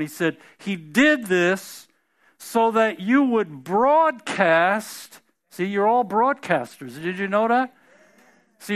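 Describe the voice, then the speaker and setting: A man in his fifties or older preaching a sermon, emphatic and drawn out, with casual, folksy asides. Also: high voice. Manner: laughs during his own anecdotes.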